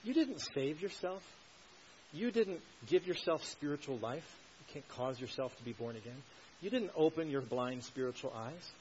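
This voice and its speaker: A man preaching an expository sermon, stressing key words loudly and asking rhetorical questions. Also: a little high, lively intonation, moderate pace. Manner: emphatic, swells to loud stresses, asks rhetorical questions. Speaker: pastor. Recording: dull lo-fi recording with faint hiss.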